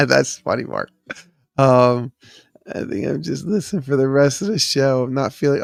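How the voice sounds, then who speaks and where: A man with a mid-range, gravelly voice hosts a live trivia stream from his home studio, speaking expressively at a moderate pace. He reads viewers' chat names and answers aloud, filling the gaps with plenty of ums. The studio microphone gives a dry recording.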